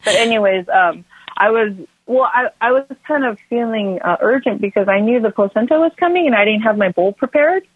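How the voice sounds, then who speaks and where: A woman in her thirties, a guest on a podcast, tells her birth story in casual conversation, animatedly acting out her family members' voices. Her voice is slightly high and brisk, and the phone-line audio sounds tinny and dry with no echo.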